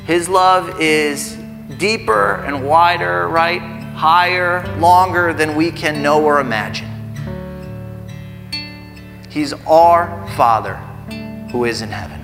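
Slow and on the high side, with vocal fry and long pauses, a pastor in his thirties gives a sermon in a church sanctuary. He speaks conversationally and builds to earnest emphasis, while the reverberant hall carries faint music.

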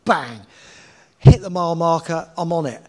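A man, a guest telling an anecdote in a casual interview, animated and swearing freely, often checking in with "right?" as he goes. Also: a little high, moderate pace.

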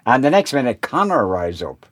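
An older man, a veteran film boom operator, telling animated on-set anecdotes in an interview. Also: brisk. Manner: animated storyteller, acts out quoted exchanges with laughs. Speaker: boom operator and sound mixer guest.

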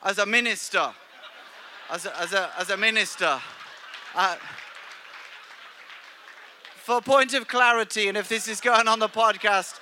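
Bright, animated male pastor preaching. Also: high-pitched, measured pace, a faint crowd. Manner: animated, joking asides with stammered restarts. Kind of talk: sermon. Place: church.

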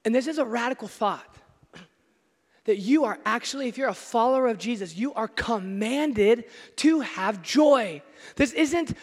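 A man preaching a sermon as pastor, energetic and joking with his listeners, shouting some words for emphasis. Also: very high voice, moderate pace, big-room sound.

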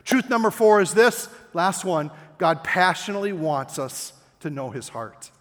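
An older man preaching a sermon with passion, his voice climbing toward near-shouts at the key points. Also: high-pitched, lively intonation, a little slow. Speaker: pastor. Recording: long hall reverb with faint music.

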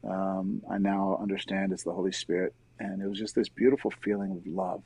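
A middle-aged man, a guest in an interview, earnestly telling his personal faith story in a soft-spoken, conversational way. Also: deep voice, flat delivery, fairly quick, husky, rough recording.

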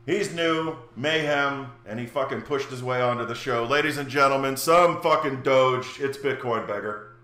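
A man's voice: medium pitch, normal speed, hardly any pauses, sharp tone. A man hosting a comedy game show podcast, with a profane, exasperated manner. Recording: roomy echo with faint hum.

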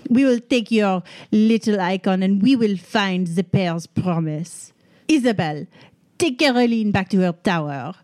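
A woman's voice: mid-range voice, unhurried, a little mellow, no echo, lightly acted. A woman voicing a pompous, indignant older male noble villain who blusters in stilted, formal speech. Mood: threatening.

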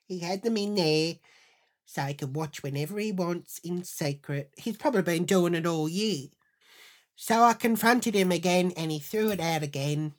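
Low-voiced crude woman storyteller. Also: moderate pace. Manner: crude, profane, indignant. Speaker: podcast host. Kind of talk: comedic storytelling monologue.

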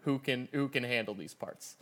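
A man co-hosting a podcast in casual chat, animated, laughing easily and restarting his sentences. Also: mid-range voice, moderate pace. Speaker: podcast co-host.

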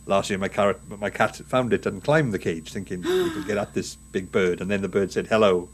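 A man with a fairly low voice chats easily on a podcast, recording from his garden. His pitch swings in a lively way, and he often breaks into a laugh. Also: fairly quick, slight background noise. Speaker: podcast co-host. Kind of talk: casual podcast chat. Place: garden outdoors.

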